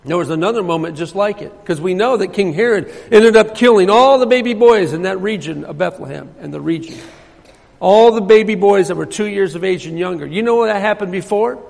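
A man preaching a sermon, repeating phrases and swinging from loud emphasis to hushed, low passages. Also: a little fast, creaky. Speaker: pastor. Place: church. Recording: long hall reverb.

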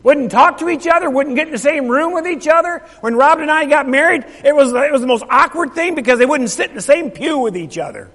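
A man's voice: very high-pitched, animated, a little fast, hardly any pauses, fairly bright tone. A middle-aged male pastor telling a story in a sermon, emphatic and repeating his phrases while asking the congregation questions. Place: church sanctuary. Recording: long reverb of a large hall.

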